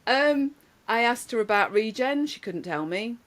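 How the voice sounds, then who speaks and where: A woman, telling lively anecdotes in casual podcast chat, laughing often. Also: on the high side, measured pace. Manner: animated storyteller, laughs often, many restarts. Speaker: podcast guest.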